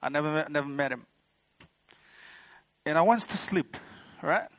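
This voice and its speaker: A man's voice: on the high side, normal speed. A man telling a personal testimony to a church congregation, rambling and heartfelt, with many fillers like "you know" and "like". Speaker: church member giving a testimony.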